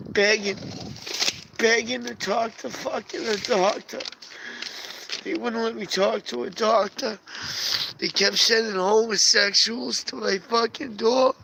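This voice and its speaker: Gravelly man ranting in a noisy recording. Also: high-pitched. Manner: agitated, swears constantly, rambling. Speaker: vlogger. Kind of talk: rambling personal monologue.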